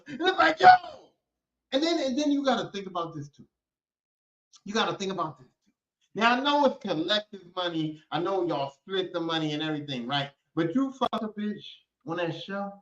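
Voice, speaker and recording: A man hosting a podcast, ranting casually and profanely in an animated way, and slipping into other voices to act out people he quotes. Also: sits high, moderate pace. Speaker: podcast host. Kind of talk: casual comedic rant. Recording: echoey room, dull lo-fi sound.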